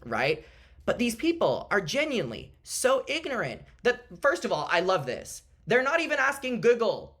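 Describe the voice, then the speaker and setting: A man's voice: very high voice, wildly swooping pitch, moderate pace, fairly bright tone, husky. A man vlogging to camera as a YouTuber, talking in an exasperated, emphatic way.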